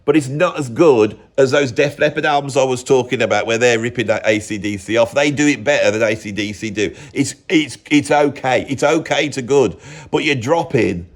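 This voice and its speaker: A man's voice: mid-range voice, moderate pace. An English man, a music commentator, talking in a casual rambling monologue, opinionated and often cutting himself off mid-thought. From England. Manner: rambling, self-interrupting, opinionated.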